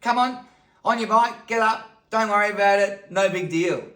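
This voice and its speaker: A man putting on a gruff, brusque dad who brushes off his crying son, in a roomy-sounding recording. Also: high-pitched, moderate pace, voice pushed up. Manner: brusque, loud and dismissive. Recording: roomy echo.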